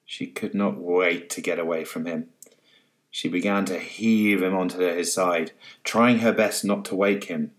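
A man reading his own short story aloud in a soft, low-key storybook narration.

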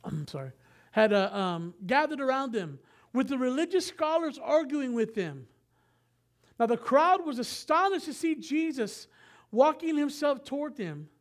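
A man's voice: extremely high pitch, expressive, measured pace. A man giving a sermon as pastor, reading scripture in a casual, conversational way with frequent asides and self-corrections.

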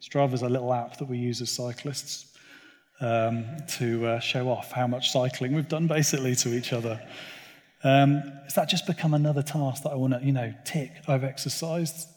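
A man preaches in an earnest, conversational way, his pitch held in a narrow, even band. His voice carries a long hall reverb. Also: moderate pace. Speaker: church speaker. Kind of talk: sermon talk. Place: church gathering.

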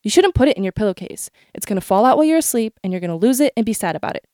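A woman's voice: medium pitch, expressive, rapid-fire, darkish tone, no room sound, clean studio sound, close to an everyday voice. A woman voicing a mother who gives a firm, matter-of-fact warning.

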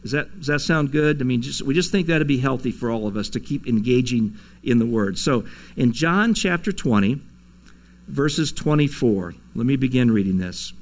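A man's voice: mid-range voice, lively intonation, normal speed. A man preaching a sermon to his congregation, in a conversational way, chuckling now and then and acting out quoted lines. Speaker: pastor. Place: church sanctuary.

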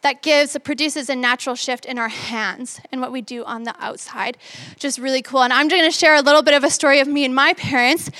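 A woman's voice: high-pitched, fairly even intonation, fairly quick, bright, forceful tone, no room sound. A woman in her twenties giving a sermon in an upbeat, conversational way, acting out her own thoughts as she tells a story. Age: 20s. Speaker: young preacher.

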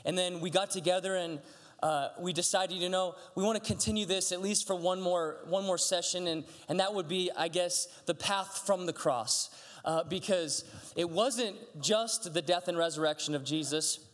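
A man's voice: sits high, normal speed, a bit bright. A man, a pastor, giving a chatty, conversational sermon, telling stories animatedly with frequent restarts. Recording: long hall reverb.

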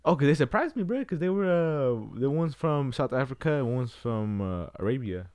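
A man's voice: mid-range voice, very animated, normal speed, a little mellow, smooth, dry recording. A young man in casual chat with a friend, slangy and joking.

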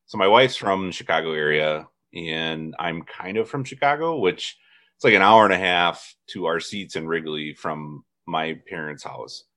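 A man's voice: low-pitched, a little slow, bright, forceful tone. A man in his thirties from northern Indiana, hosting a casual chat and telling rambling stories with frequent laughs. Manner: rambling storyteller, laughs often. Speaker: podcast host.

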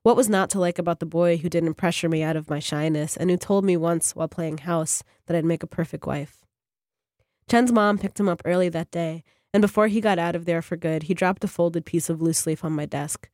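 A woman, a fiction writer, reading her own short story on a radio program in a measured, even way. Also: on the low side, no room sound, studio quality.

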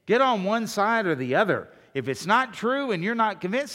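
A male pastor delivering a sermon, his voice sitting a little high for a man. He presses his points hard and then drops into quiet asides to the congregation. The sound carries a long reverb, like a large hall. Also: very animated, moderate pace. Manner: emphatic, swings between loud declarations and quiet asides.

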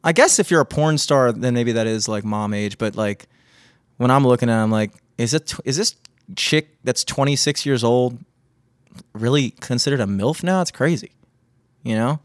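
A man co-hosts a podcast from a remote setup, telling jokes and cursing heavily in crude, casual banter. He has Greek and Italian heritage, and his delivery is profane and animated. His medium-pitched voice moves at a moderate pace, captured in clean studio sound with no echo.

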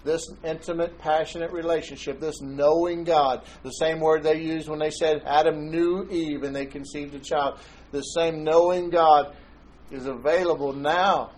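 Male pastor, fairly high voice, relaxed storytelling sermon with light humor. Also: moderate pace, rough recording. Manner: conversational and joking, tells anecdotes.

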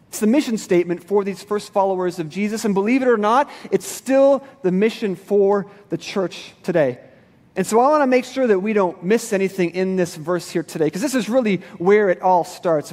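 High-voiced pastor preaching in a reverberant hall. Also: male voice, a little mellow. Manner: conversational, casual slang. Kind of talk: sermon. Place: church sanctuary.

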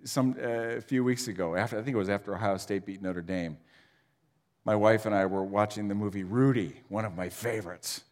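Dramatic preacher in a reverberant hall. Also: male voice, on the low side, brisk. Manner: dramatic, swinging from loud to near whisper. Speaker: pastor. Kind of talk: sermon.

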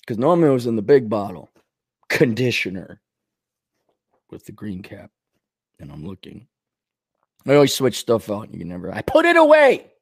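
A man hosting a podcast, rambling through a casual comedic monologue, going from low mutters to sudden outbursts. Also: lively intonation, normal speed, gravelly, long pauses, a little mellow, slightly rough. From Minnesota. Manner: rambling, wisecracking, swings between mutters and outbursts. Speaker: podcast host.

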